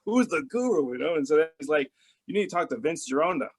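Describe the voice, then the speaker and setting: A man's voice: a little high, quick pace, rough recording. A middle-aged man telling a story in an interview, rambling with many restarts and fillers, and acting out the phone calls in quoted voices. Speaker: interview guest. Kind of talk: casual storytelling.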